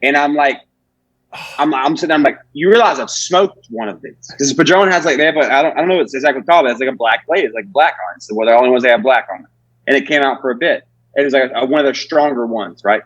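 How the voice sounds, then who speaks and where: A young man in his twenties rambles through his stories as a podcast guest, cursing and leaning on "like" constantly. He is recorded dry and close, with no room sound. His pitch is in the middle range. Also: racing, a bit bright, dry recording, dull audio. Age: 20s. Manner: rambling, profane, heavy use of "like". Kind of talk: casual chat.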